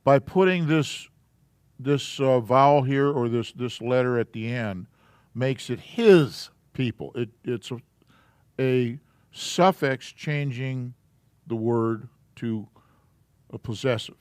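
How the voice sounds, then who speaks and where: A man's voice: mid-range voice, slow pace, darkish tone, smooth, no echo. A man teaching the Hebrew alphabet to a live class in a church, patiently walking through letters and sounds step by step.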